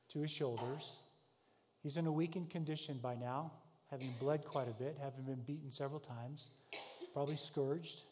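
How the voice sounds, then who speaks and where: A man delivers a sermon as a vivid story told to the listener, swinging between raised, shouted passages and quiet, hushed ones. His voice sits a little high with a mellow, dark tone. The sound carries the long reverb of a large hall. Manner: vivid second-person storytelling, shifting from shouts to hushed tones. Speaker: preacher.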